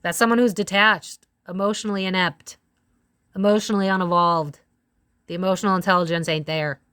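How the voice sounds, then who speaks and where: A lower-voiced woman reads tarot cards straight to her viewers. She is blunt and swears freely, jumping into loud exclamations. Her voice sounds dry and close, with no room around it. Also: fairly even intonation, smooth, dry recording. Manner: blunt and profane, quick swings into loud exclamations. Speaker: psychic tarot reader. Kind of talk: casual tarot reading to camera.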